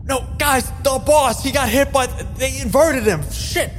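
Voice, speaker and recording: A man's voice: very high voice, a little slow, big-room sound, soft background music, voice pushed up. A man voicing a panicked male Australian Shepherd dog who urges everyone to flee. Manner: urgent, frantic warning.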